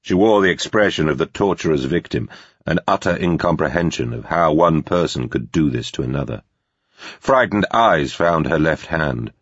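A man narrating a thriller audiobook in a measured, grave way. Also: very deep voice, animated, slightly rough, no echo. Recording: dull, slightly lo-fi recording.

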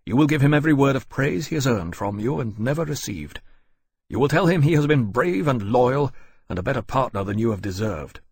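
A man reading an audiobook voices a stern captain who speaks in a quiet, cold, clipped way. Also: medium pitch, lively intonation, brisk, slightly rough, no room sound, studio quality. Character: stern male naval captain, controlled anger.

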